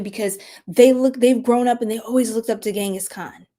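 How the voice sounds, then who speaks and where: A young adult woman giving a casual tarot reading, chatty, laughing often and dropping into soft whispers. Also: fairly high pitch, steady tone, moderate pace. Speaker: tarot reader.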